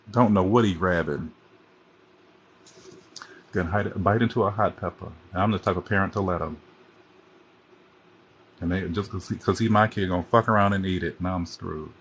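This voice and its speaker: A man's voice: low-pitched, slight background noise. A man hosting a casual livestream chat on his phone, rambling and chatty as he jumps from topic to topic. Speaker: host.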